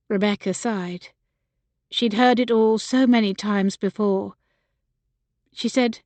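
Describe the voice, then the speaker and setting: A woman narrating a historical novel as an audiobook in a measured, expressive storytelling style. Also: medium pitch, no room sound.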